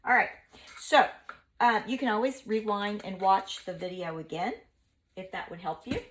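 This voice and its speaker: A woman teacher giving a recorded online math lesson in a lively, playful, chatty way. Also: medium pitch, normal speed, slight background noise.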